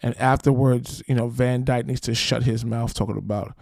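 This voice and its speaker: A man's voice: medium pitch, fairly even intonation, normal speed, gravelly, a little mellow, no echo, studio quality. A man hosting a football podcast, talking in brash, slangy, trash-talking fan commentary.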